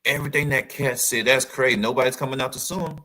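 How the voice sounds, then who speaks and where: A man giving casual, animated commentary as he reacts to photos, calling out to his viewers. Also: medium pitch, quick pace, poor audio. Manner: animated, exclaiming, addresses viewers as y'all.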